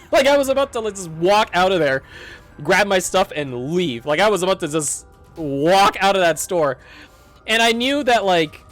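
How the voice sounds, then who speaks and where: High-voiced guy ranting about a retail job, super lively, faint music behind. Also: moderate pace. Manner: animated, acts out dialogue, swears and laughs. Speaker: streamer telling a work story. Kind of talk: casual ranting storytelling.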